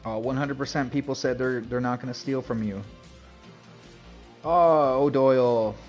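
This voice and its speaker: A man's voice: mid-range voice, a little slow, darkish tone, faint music behind. A man chatting casually on a game livestream, rambling and greeting viewers. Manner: rambling, chatty, full of "like" and "you know". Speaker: streamer. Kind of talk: casual livestream chat while gaming.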